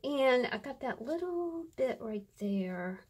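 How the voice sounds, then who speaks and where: A woman's voice: high voice, very animated, takes it slowly, darkish tone, husky. A woman chatting casually through a crafting tutorial, muttering to herself and often dropping to a whisper as she works. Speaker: crafter demonstrating journal pages.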